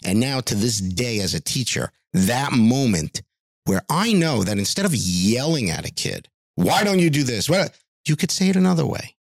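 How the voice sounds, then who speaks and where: A man's voice: mid-range voice, very animated, normal speed, vocal fry, no echo, clean studio sound. A middle-aged man, a music teacher, telling stories in a podcast interview and acting out the voices of people he quotes.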